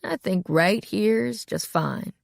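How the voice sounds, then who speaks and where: A woman voicing a folksy, mocking male small-town sheriff with a slow drawl. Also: medium pitch, animated, vocal fry, dry recording, clean studio sound, heavily acted.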